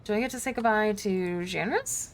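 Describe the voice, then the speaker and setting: A woman's voice: mid-range voice, expressive, a little hiss or hum. Chatty young woman streaming a game. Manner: chatty, quick reactions to the game. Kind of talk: casual gameplay commentary.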